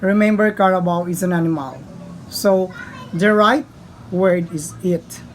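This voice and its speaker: A woman teaching a grammar lesson in a slow, deliberate way, often calling the class to attention. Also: on the low side, fairly even intonation, slight background noise, rough recording. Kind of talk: grammar lesson for young learners.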